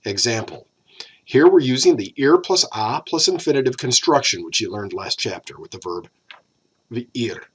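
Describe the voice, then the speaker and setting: A man teaching a recorded Spanish grammar lesson, explaining patiently and drawing out key words slowly. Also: medium pitch, expressive, husky.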